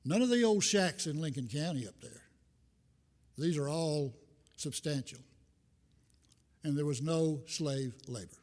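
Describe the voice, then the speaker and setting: An older man, a visiting minister, drifts loosely through an informal sermon with folksy, self-deprecating humor, his voice echoing long in a church sanctuary. Slightly high for a man and darkish in tone, it has lively intonation, an unhurried pace and frequent pauses.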